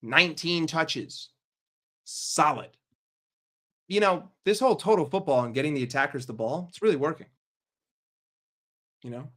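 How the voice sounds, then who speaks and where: A man's voice: a little high, expressive, moderate pace, long pauses, a bit bright. A man hosting a football fan channel, giving a heated, profane and sarcastic rant. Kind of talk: casual ranting commentary.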